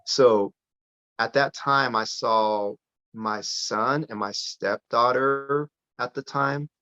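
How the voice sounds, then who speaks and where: A man telling a personal story as a guest on a podcast interview, lively and full of restarts. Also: medium pitch, slow. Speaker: podcast guest, parent advocate. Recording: dull lo-fi sound.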